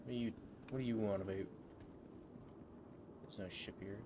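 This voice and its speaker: A man's voice: lowish voice, steady tone, normal speed. A man streaming a game, chatting casually and joking, sleepy and yawning after a late night. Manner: laid-back, jokey, chuckles often. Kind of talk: casual gaming stream chat. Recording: background game ambience noise.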